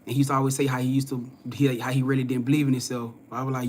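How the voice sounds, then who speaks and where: A young man, hosting a live spiritual reading stream and telling a personal story in a casual way. He acts out other people's lines, swinging from loud and animated to low and hushed. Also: racing, hardly any pauses, a little hiss or hum. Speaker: spiritual reader and host.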